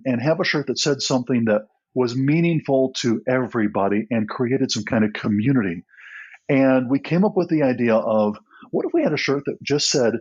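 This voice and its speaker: Middle-aged male guest, husky, earnest storyteller who restarts often, dull lo-fi sound. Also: mid-range voice. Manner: earnest, with frequent restarts and soft laughs. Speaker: guest, nonprofit co-founder. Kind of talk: storytelling in a podcast interview.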